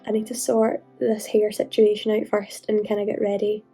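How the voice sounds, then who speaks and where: A woman's voice: mid-range voice, completely flat delivery, moderate pace, dark tone, husky, faint music behind. A woman in her twenties vlogging in a chatty, emotional way, often saying "like". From Scotland. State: hoarse from illness. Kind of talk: casual vlog chat.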